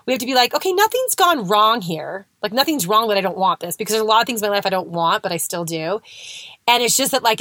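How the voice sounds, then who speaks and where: A woman's voice: mid-range voice, pushed and bright, no echo. A middle-aged woman coaching listeners in a casual motivational talk, chatty and conversational, often asking "right?". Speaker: weight-loss coach.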